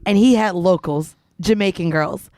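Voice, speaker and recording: A woman's voice: on the low side, moderate pace, dark tone, no room sound. A woman co-hosting a casual podcast, chiming in bluntly with crude details. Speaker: podcast co-host. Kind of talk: casual chat.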